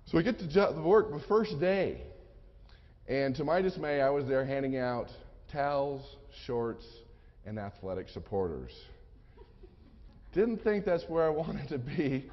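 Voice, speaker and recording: A man at mid pitch speaks to a room, spinning a humorous anecdote and slipping into the voices of the people in it. The sound is muffled and lo-fi, with a long reverb from the hall around him. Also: animated, unhurried. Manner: humorous anecdotal storytelling, acts out dialogue. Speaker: sales and persuasion speaker. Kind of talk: storytelling seminar talk.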